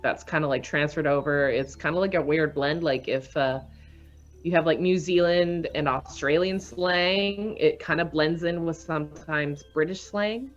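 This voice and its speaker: Low-voiced woman, lo-fi stream audio. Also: normal speed, faint music behind. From Canada. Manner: chatty, laughs often. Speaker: stream co-host. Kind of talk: casual stream chat.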